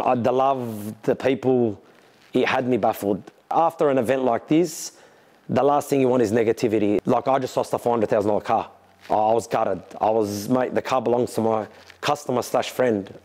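An Australian man who builds and races cars, telling the emotional story of his crash in bursts and acting out what others said. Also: medium pitch. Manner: emotional, talks in bursts, lively quoting of others. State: sore after a crash. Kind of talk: candid storytelling to camera.

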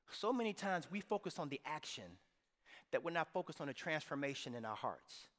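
High, bright-voiced preacher man. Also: long reverb tail. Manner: energetic, conversational preaching with rising shouts. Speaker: pastor. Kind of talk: sermon. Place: church sanctuary.

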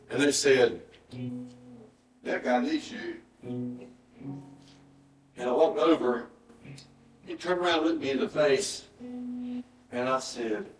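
Man, middle-aged pastor, earnest hushed storytelling, roomy distant church sound, faint guitar behind. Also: mid-range voice. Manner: earnest storytelling, often dropping to a hushed, emotional tone. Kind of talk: sermon with personal story and altar call. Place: church sanctuary.

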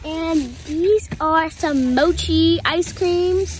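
A young speaker chatting excitedly to viewers while filming on her mom's phone. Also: extremely high pitch, extremely slow. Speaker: vlogger's daughter. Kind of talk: casual vlog chat.

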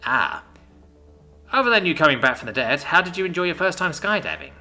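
A man's voice: on the high side, big pitch swings, fairly quick, pushed and bright, soft background music, pitched above the performer's own voice, full character voice. A man voicing a reckless, teasing young man who loves thrills, laid-back and amused.

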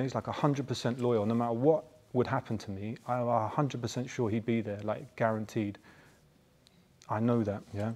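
This is a Buddhist practitioner, a man in his forties whose mid-range voice has a slightly mellow quality. He tells personal stories casually, chatting and rambling, and often ends his points with a questioning "yeah?".

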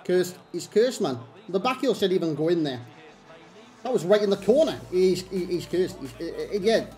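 A man's voice: sits high, animated, normal speed, darkish tone. Brief man in his thirties, gaming commentator, frustrated and sardonic, faint game music behind. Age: 30s. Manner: exasperated, self-mocking running rants. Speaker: gaming YouTuber. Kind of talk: live gameplay commentary.

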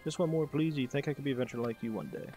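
A man's voice: mid-range voice, rapid-fire, dark tone, soft background music, natural voice. A man reading aloud the lines of an eager young boy who dreams of adventure, asking question after question.

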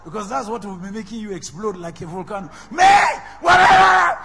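A man with a Nigerian accent preaching a sermon, swinging between loud shouts and soft whispers. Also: high voice, fast talker, a loud crowd, heavy background noise. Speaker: pastor. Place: large church hall. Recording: reverberant hall with faint music.

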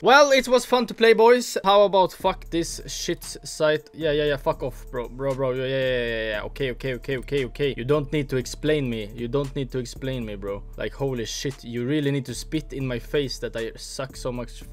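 A young man giving profane, excitable commentary while opening cases on a gambling site, swinging between hype and grumbling. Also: mid-range voice, moderate pace, few pauses, soft background music. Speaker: gaming streamer.

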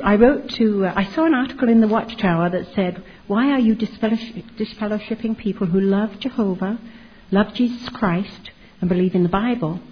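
Husky older woman telling her story. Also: medium pitch. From Canada. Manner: chatty, humorous storytelling. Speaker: testimony speaker. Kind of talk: personal testimony talk. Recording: dull lo-fi recording.

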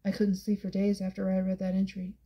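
A woman reading a hushed brooding young man. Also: monotone, brisk, close to an everyday voice. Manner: soft, hushed and low-key. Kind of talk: audiobook character voice.

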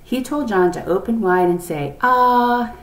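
A woman reading a children's book aloud, in an expressive way. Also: fairly low pitch, normal speed, recorded from a distance. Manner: expressive, lively character voices. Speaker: reader. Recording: echoey room, off-mic.

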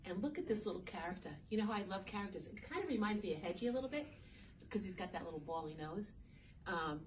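Her voice lowish, a woman teacher reads a picture book to young children with playful, sing-song delivery, frequently talking to them directly. Faint background ambience and slight noise come through the distant mic.

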